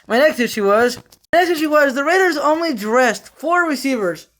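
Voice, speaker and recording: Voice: high-pitched, expressive, moderate pace, fairly bright tone. Rambling frustrated sports fan ranting. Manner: many fillers and restarts. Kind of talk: casual fan rant.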